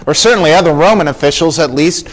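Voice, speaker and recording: A man's voice: a little high, fast, poor audio. A man preaching a sermon as a pastor, explaining scripture earnestly and acting out the quoted lines.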